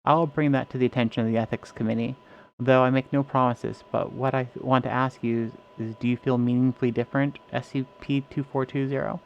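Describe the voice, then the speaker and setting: Calm, formal male doctor, read by a man: gravelly, probing, dull stream audio. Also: mid-range voice, a little fast, close to an everyday voice. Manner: formal, questioning.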